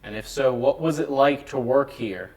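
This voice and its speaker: A man on a ghost hunt, talking in an alert hush and calling out to spirits. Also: medium pitch, normal speed, poor audio. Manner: hushed and alert, calls out to spirits. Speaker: guest paranormal investigator. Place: dark old building indoors.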